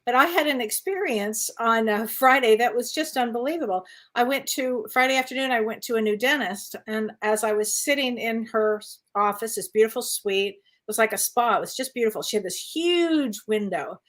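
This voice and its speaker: A high-voiced woman tells a story with lots of energy and frequent laughter. She speaks as a psychic medium co-hosting a casual talk show. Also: normal speed, hardly any pauses, a bit bright.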